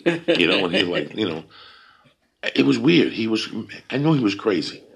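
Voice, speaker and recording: A man hosting a podcast, telling a story in a casual, profane, animated way. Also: mid-range voice, moderate pace, vocal fry, slightly rough. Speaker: podcast host.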